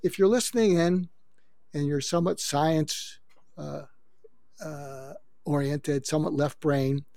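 A man's voice: on the high side, fairly even intonation, unhurried, gravelly, a little mellow, no room sound. An older man, a guest expert, explaining how to handle conflict in a coaching, advice-giving way. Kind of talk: advice-giving interview talk.

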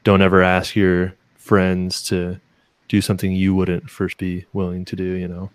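A man with a very deep voice and a dry, close sound, speaking earnestly as he reflects on friendship. He leads the talk and sets up questions for the group. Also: monotone, normal speed, no room sound. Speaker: podcast co-host. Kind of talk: casual faith chat.

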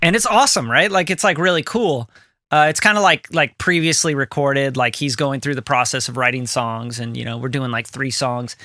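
A man co-hosting a podcast in casual, animated chat, now and then swearing and acting out what other people say. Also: mid-range voice, normal speed, dry recording, clean studio sound. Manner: animated, swearing, quotes people in put-on voices. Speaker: podcast co-host. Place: home studio room.

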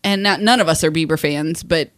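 A woman's voice: sits low, fairly quick, a bit bright, no room sound, clean studio sound. A middle-aged woman co-hosting a casual podcast chat, telling family stories and laughing often while she acts out what people said. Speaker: podcast co-host.

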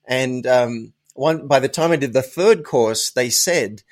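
A man's voice: medium pitch, a little slow. A man speaking as a podcast guest, telling personal anecdotes in an emphatic, conversational way and repeating words to stress them. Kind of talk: casual interview storytelling.

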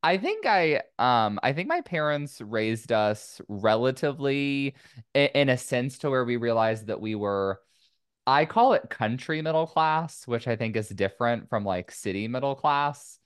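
A man's voice: medium pitch, big pitch swings, unhurried, clear, resonant tone, no room sound, clean studio sound. A man from Indiana in a casual conversation, talking in loose, rambling sentences full of "like.". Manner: rambling, many "like" fillers. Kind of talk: casual chat.

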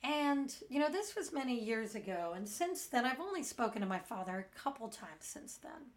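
A woman's voice: a little high, sing-song, moderate pace. A middle-aged woman hosting a meditation podcast, telling a personal story candidly in a frank, earnest way with blunt wording.

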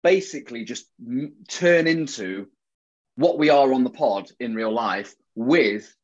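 A man's voice: medium pitch, expressive, measured pace, dull audio. A man co-hosting a podcast, chatting in a teasing, jokey way and often talking over his co-host. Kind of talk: casual banter.

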